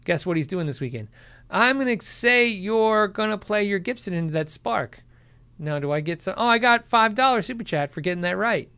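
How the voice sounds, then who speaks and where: Middle-aged male host, casual livestream chat, high lively voice, quick to laugh. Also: clean tone. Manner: animated, laughs often, acts out quotes. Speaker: livestream host answering viewer questions.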